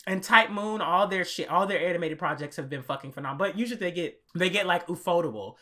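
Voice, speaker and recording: A young man co-hosting an anime podcast, telling a story in an animated, profane way and acting out his own reactions. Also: sits high, fast talker. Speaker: podcast co-host. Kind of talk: casual podcast chat.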